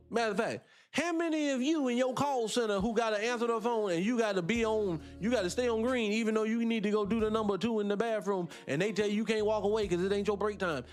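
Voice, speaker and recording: A high-voiced man hosts an online radio show, rambling casually to his listeners and swearing freely.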